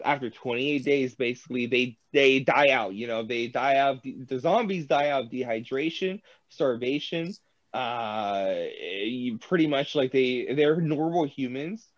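A man's voice: mid-range voice, no echo. A young man in casual podcast chat, rambling, swearing often and laughing. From United States. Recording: dull dry lo-fi recording.

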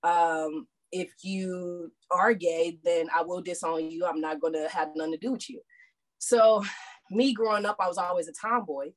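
Guest: woman with a lower voice, easygoing and steady as she tells her story. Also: moderate pace. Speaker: podcast guest. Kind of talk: casual storytelling.

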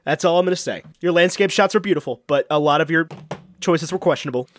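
A young man co-hosting a casual chat, telling rambling, animated stories with frequent restarts. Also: a little high, fast talker.

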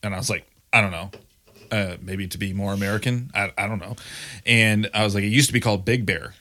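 A man from Michigan co-hosting a podcast, with a low-pitched voice that still sounds bright and forceful. He talks casually, full of wry teasing and banter, into a studio microphone. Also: fairly even intonation, a little fast. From Grand Rapids, Michigan. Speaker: podcast co-host. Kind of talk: casual chat.

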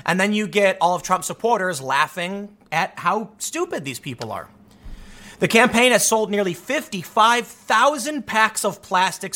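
Young male host, high bright voice, sarcastic and animated, mocks people in funny voices. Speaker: commentary show host. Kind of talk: opinionated political commentary monologue.

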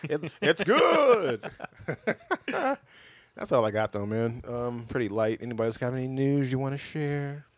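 A man's voice: medium pitch, little pitch movement, a little fast, few pauses, darkish tone, no room sound. A laid-back man in his thirties hosts a podcast in easy, swear-laden chat. His voice sits in a middle register and sounds close and dry, with little room around it. He ribs his friends as he talks. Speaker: podcast host.

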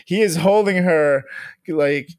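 A man's voice: on the high side, slow, smooth, no room sound. Man on a dry mic, laughing a lot. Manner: laughs often, loose and profane. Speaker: podcast co-host. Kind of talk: casual chat.

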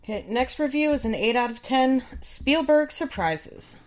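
A woman in her thirties co-hosting a podcast, reading out reviews and chatting in an even, measured way. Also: high voice. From United States. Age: 30s. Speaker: podcast co-host. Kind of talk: casual chat, reading reviews aloud.

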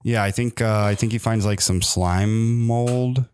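Deep-voiced man chatting casually. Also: fairly even intonation, unhurried, a little mellow, a little hiss or hum. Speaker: podcast co-host. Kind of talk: casual chat.

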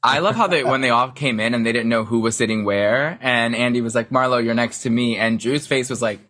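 A man's voice: medium pitch, a little fast, pushed and bright. A man chatting casually about TV, sassy and emphatic in a campy way. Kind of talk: casual chat about reality TV.

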